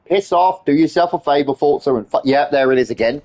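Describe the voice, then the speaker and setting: A man's voice: mid-range voice, steady tone, normal speed, hardly any pauses, darkish tone. A man ranting and swearing nonstop as he streams a game. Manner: exasperated ranting, heavy swearing. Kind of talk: livestream gaming commentary.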